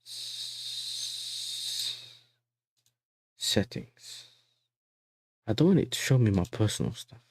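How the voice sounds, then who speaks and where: A man's voice: fairly low pitch, animated, takes it slowly, pauses often, husky, no echo. A young man hosting a casual football livestream, chatty and full of slang, often asking "you know what I'm saying". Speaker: football fan channel host. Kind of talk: casual livestream reaction chat.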